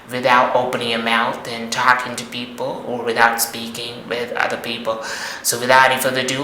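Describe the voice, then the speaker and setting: A man with a bright, forceful voice lectures straight to the camera, hammering the same points over and over with emphasis. The room rings with echo, and a faint hiss of noise sits under his voice. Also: medium pitch. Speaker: online money coach. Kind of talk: monologue to camera. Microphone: camera mic.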